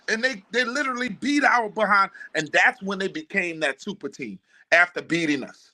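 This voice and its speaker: A man's voice: high voice, lively intonation, normal speed, pushed and bright. A man with a New Orleans accent giving sports analysis on a podcast, arguing hard with a string of rhetorical questions. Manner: fired-up, argumentative, rhetorical questions. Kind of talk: casual sports podcast talk.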